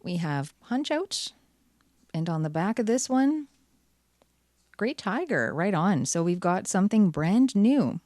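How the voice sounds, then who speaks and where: A woman's voice: medium pitch, big pitch swings, slow pace, a little mellow, no echo. A woman hosting her channel, chatting cheerfully through card packs with wry asides. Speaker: channel host. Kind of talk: casual card-opening commentary.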